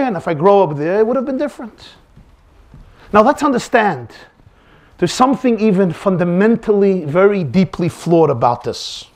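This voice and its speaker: A man's voice: sits high, moderate pace, pauses often. A man, a rabbi, teaching a Torah class, acting out little dialogue scenes and sprinkling in Yiddish and Hebrew words. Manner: animated, acts out dialogue scenes.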